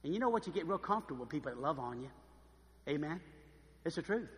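A man preaching a sermon, telling lively stories and acting out the voices of the people in them. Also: on the high side, fast talker, long reverb tail. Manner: animated storytelling, acts out voices. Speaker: pastor. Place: church.

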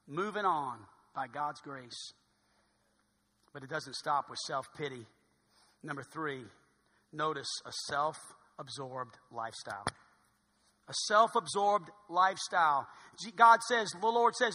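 Male pastor, very high and bright husky voice, animated sermon delivery with a long hall echo. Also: moderate pace. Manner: animated, swings from loud exclamations to hushed tones.

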